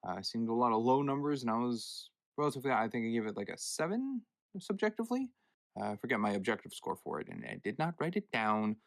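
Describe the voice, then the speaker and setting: Man, podcast host, casual chat, self-correcting, mid-pitched, dry close sound. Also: sing-song, quick pace, creaky, dry recording. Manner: chatty, self-correcting, moderates turns.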